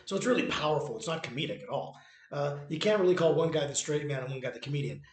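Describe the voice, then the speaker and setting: A man in a room full of echo talks loosely about a play he wrote. His voice sits a bit high, and he keeps stumbling, restarting and circling back to his points. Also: animated, quick pace. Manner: rambling, many restarts and fillers. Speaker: playwright and author presenting his own work. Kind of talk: casual spoken commentary. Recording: echoey room.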